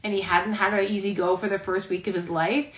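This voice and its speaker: On a phone live stream, a pregnant woman hosts a casual chat, rambling and heartfelt to the point of near tears while saying "like" constantly. Her mid-range voice shows little pitch movement and runs a little fast. The room is echoey and the recording low quality.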